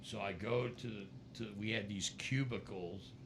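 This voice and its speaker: A middle-aged man, a guest musician, tells stories in a casual interview, animatedly acting out other people's voices. His voice is fairly low, at normal speed, with background noise in the recording.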